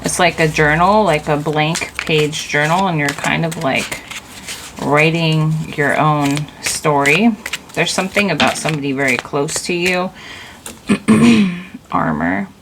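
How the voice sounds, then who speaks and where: A woman reads tarot cards in a relaxed, meandering way, her voice low with a gravelly, fried texture. She talks slowly, drifting between thoughts and filling the gaps with casual filler words. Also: background noise. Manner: loose and rambling, leaning on "like". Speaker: tarot reader. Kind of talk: casual intuitive tarot reading.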